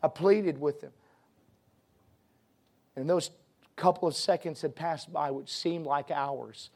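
High, gravelly-voiced preacher telling his testimony. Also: steady tone, a little mellow. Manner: halting restarts, building to fervent preaching cadence. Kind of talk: sermon testimony.

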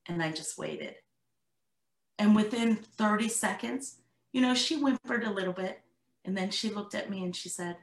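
A parenting coach, a middle-aged woman, tells stories during a podcast interview, animatedly performing what she and her daughter said. Her voice is medium-pitched at a moderate pace, and the recording has an echoey room sound.

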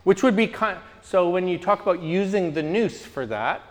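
Guy leading a group talk, kinda high voice, lively storyteller, long hall reverb. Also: normal speed, slight background noise. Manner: animated storyteller, frequent restarts. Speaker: group discussion leader. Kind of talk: teaching discussion with a group.

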